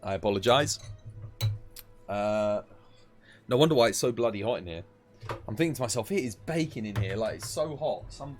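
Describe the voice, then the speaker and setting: A man's voice: medium pitch, expressive, normal speed, long pauses, faint music behind. A tired man, chatting casually while live-streaming a game and giving gear advice. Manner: chatty, laid-back, gives gear advice.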